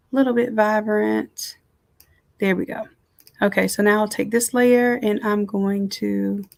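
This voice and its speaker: Chatty woman teaching with a gravelly edge. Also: medium pitch, a little mellow. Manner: casual, chatty, talks to viewers as "y'all". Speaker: design instructor. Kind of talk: live screen-share software tutorial. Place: at home.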